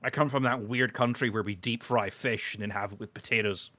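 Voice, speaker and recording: A man's voice: fairly low pitch, fairly even intonation, brisk, hardly any pauses, bright, forceful tone, no room sound. A man with a British accent chatting casually on a live stream, rambling and self-mocking with crude jokes. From Britain.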